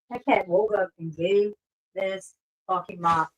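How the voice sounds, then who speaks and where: A woman streamer in casual livestream chat, ranting with lots of swearing and shouting at her pets. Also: medium pitch, breathy edge, poor audio.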